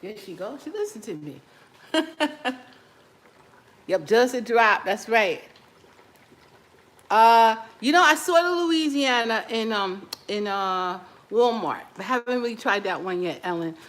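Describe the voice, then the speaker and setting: A woman's voice: a little high, animated, takes it slowly, fairly bright tone. Chatty woman eating on a home cooking vlog. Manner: chatty, laughs often, talks while eating. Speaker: cooking vlogger. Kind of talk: casual chat to viewers while eating. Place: home kitchen.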